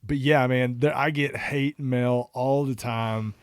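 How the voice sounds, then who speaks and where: An easygoing man from Texas co-hosting a casual podcast, laughing here and there as he talks. His voice sits in a middle pitch, recorded dry and close. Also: fairly even intonation, takes it slowly, clear, resonant tone, no echo. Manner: easygoing, laughs while talking. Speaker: podcast co-host. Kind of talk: casual chat.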